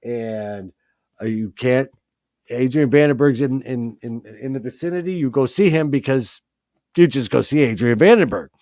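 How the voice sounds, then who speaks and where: Excitable man gushing about albums. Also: mid-range voice, normal speed, no room sound. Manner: excitable, swears, many restarts. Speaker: host. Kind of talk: live-stream music chat.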